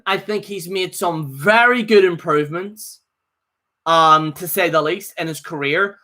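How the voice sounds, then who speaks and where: A man's voice: high-pitched, pushed and bright. A man giving a casual, opinionated live review, rambling with lots of fillers and restarts. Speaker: wrestling show reviewer.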